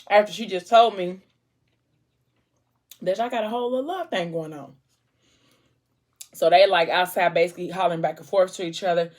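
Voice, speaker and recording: Chatty woman retelling a story, low voice. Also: moderate pace, pauses often, darkish tone. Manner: chatty, retells scenes with lots of "like". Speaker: vlogger retelling a book's plot. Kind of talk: casual storytelling over a snack. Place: at home, eating a fruit tray.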